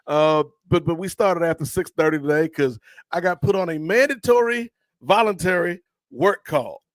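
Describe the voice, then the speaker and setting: A man's voice: a little high, normal speed, dry recording. A man co-hosting a casual podcast, telling stories from his job and acting out the dialogue with lots of animation. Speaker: podcast co-host. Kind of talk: casual storytelling chat.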